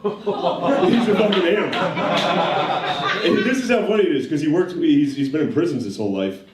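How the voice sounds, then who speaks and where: A man's voice: on the high side, expressive, normal speed, a loud crowd. A man doing a profane stand-up routine on a comedy club stage, laughing at his own jokes. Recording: roomy stage mic, far off, loud audience.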